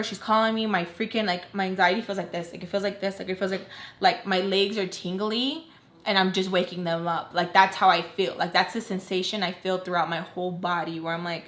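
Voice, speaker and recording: A young woman recounts a personal story in a loose, expressive way, peppering it with fillers and curses. Her voice sits in a middle register. The room around her adds a noticeable echo. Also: mid-range voice, moderate pace. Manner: casual, expressive, lots of filler and swearing. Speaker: vlogger. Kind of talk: storytime vlog.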